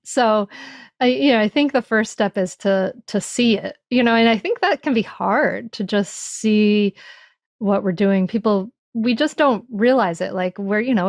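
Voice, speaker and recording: A woman's voice: mid-range voice, a little slow, no echo. A woman who writes about parenting, answering interview questions in a reflective, conversational way, often restarting her sentences. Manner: reflective, frequent restarts and "you know". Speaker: parenting author guest.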